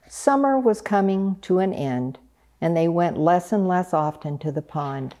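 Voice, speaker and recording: A woman reading a picture book aloud in a gentle, unhurried way. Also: fairly low pitch, animated. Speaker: storyteller.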